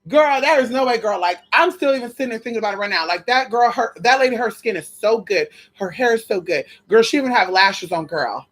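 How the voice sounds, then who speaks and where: Animated, gossipy woman vlogger. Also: a little high, fairly quick, few pauses. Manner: animated and gossipy, calls listeners girl and honey; swears casually and repeats phrases for emphasis. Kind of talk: casual storytelling chat.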